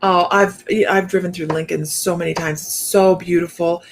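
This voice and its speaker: A woman's voice: lowish voice, steady tone, moderate pace, slight background noise. A middle-aged woman hosting a casual livestream, chatty and upbeat, reading out viewer comments and laughing often. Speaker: psychic medium livestream host.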